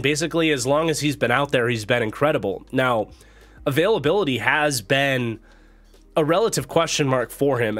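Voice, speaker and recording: Male channel host, nasal with a cold, middle pitch, chatty football commentary with fillers. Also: fairly bright tone. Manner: chatty, thinking aloud with fillers and restarts. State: recovering from a cold. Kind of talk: casual commentary to camera.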